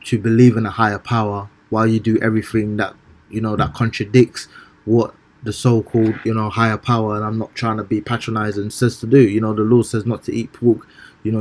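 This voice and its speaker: A man reading scripture slowly and commenting on it in a casual, preachy way, often stumbling and repeating words. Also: medium pitch, darkish tone. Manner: slow, measured scripture reading. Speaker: street preacher.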